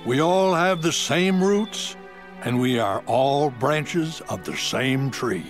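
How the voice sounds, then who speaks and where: A serene older swamp sage, speaks with slow, unhurried wisdom. His delivery rises and falls in a lively, melodic way. Faint music plays under this clip from an animated series. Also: medium pitch. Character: calm wise older man, swamp waterbender.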